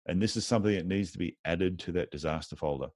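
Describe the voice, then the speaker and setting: A man's voice: low voice, fast, darkish tone, dry recording, clean studio sound. A man who owns a podiatry clinic, telling anecdotes in a casual interview and acting out the dialogue of the people in them. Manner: tells anecdotes with lots of reported dialogue. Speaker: podiatry clinic owner as guest.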